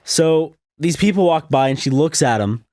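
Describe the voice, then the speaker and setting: A man's voice: moderate pace, no echo. A young man co-hosting a casual chat, telling a story with lots of laughs and acted-out quotes. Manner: animated, laughs often, acts out quotes in a high voice. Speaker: podcast co-host.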